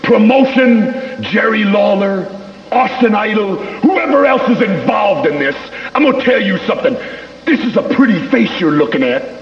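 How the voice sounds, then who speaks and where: A man's voice: high voice, expressive, normal speed. A man cutting a boastful, taunting wrestling promo, mocking his rivals. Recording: echoey, dull 1980s TV tape with music.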